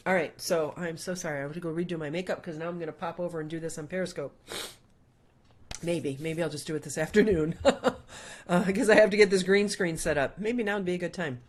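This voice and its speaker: A woman's voice: on the low side, fairly quick. A middle-aged woman hosting a casual livestream, reading out viewer comments and prayer requests in a chatty way with many fillers. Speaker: host.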